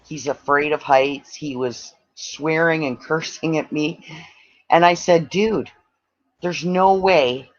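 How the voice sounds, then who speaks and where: Man, fairly high voice, casual storytelling, animated quotes, muffled lo-fi sound. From Canada. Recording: dull lo-fi audio.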